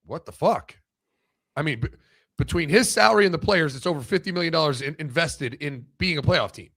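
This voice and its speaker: A man's voice: fairly high pitch, creaky, a bit bright, slightly rough. A man co-hosting a sports podcast in casual, blunt and profane talk, often restarting his sentences as he makes a point.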